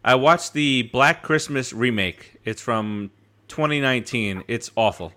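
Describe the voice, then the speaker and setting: A man's voice: medium pitch, a little slow, bright, forceful tone. A man co-hosting a casual podcast chat, rambling with lots of restarts and laughs. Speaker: podcast co-host.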